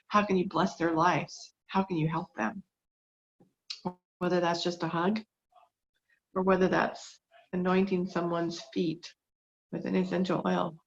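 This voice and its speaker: A middle-aged woman with a lowish, creaky voice shares a faith-based testimony, fighting back tears. The talk is earnest, heartfelt and emotional, recorded in dull lo-fi quality.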